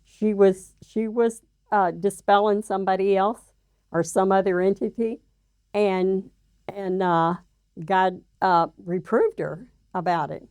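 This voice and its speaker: An older woman recounting her life in an interview, halting and full of fillers and restarts. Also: medium pitch, fairly even intonation, darkish tone, clear, resonant tone, dry recording. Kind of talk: personal storytelling interview.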